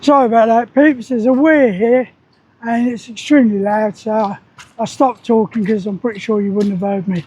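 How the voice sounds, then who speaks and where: A man's voice: sits high, fairly even intonation, normal speed, warm tone, lo-fi sound. A man, telling stories in a rambling, plain-spoken way as he vlogs outdoors beside a weir. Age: 60s. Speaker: army veteran vlogger. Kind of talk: casual spoken vlog.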